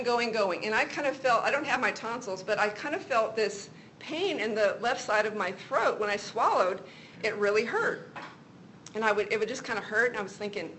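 A woman's voice: fairly high pitch, bright, forceful tone, slight background noise, poor audio. A middle-aged woman co-hosting a Christian talk show, giving an earnest faith teaching and telling personal stories. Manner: earnest, testimony-style storytelling.

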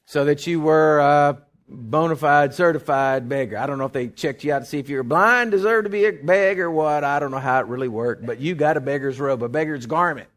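A male pastor preaching a sermon, animated, with loud bursts, folksy joking asides and call-and-response questions to the congregation. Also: fairly high pitch, brisk.

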